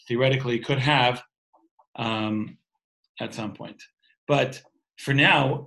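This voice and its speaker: A man's voice: medium pitch, a bit bright, rough recording. A man around forty leading a call-in class, giving an informal spiritual lecture. He talks conversationally, thinking aloud with restarts and fillers, and tells stories along the way. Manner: explains terms letter by letter, storytelling asides.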